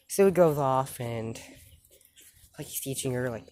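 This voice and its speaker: A man casually retelling his own fan story, rambling and halting with many fillers and restarts. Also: mid-range voice, steady tone, dark tone, slight background noise.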